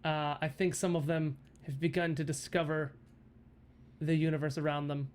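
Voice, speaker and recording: High-voiced man running a tabletop game. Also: little pitch movement. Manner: halting, full of ums and restarts, laughs often. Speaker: game master.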